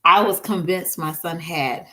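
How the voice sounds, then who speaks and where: A woman in her thirties telling her viewers a story about her son, in a casual, animated way, laughing often and restarting words. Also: on the low side, unhurried. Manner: talks straight to viewers with slang and "y'all". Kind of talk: casual story time vlog.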